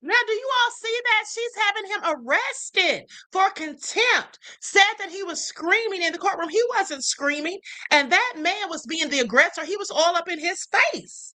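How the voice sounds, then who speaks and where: A woman's voice: extremely high pitch, expressive, normal speed, hardly any pauses, bright, forceful tone. A woman hosting a livestream, giving outspoken casual commentary on clips and reading viewer comments aloud. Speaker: livestream host.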